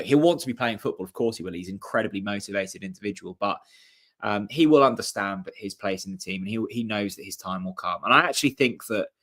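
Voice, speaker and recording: A young man hosting a live football watchalong, chatting with viewers and reacting to the match in a casual, excitable way. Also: lowish voice. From Norfolk, England. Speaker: host of a fan channel watchalong.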